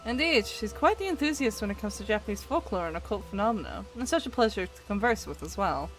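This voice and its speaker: A woman's voice: medium pitch, animated, quick pace, faint music behind, close to an everyday voice, poor audio. Woman voicing a pompous flamboyant male writer. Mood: grandiose. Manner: theatrical, grandiose, loud exclamations. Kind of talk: reading game dialogue aloud.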